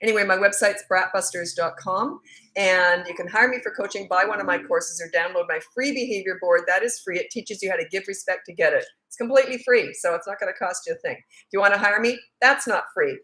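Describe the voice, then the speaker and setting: A middle-aged woman coaching parents in a relaxed livestream chat, her voice in an ordinary middle register. She talks in a loose, storytelling way, often breaking into laughter. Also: mid-range voice, a little fast.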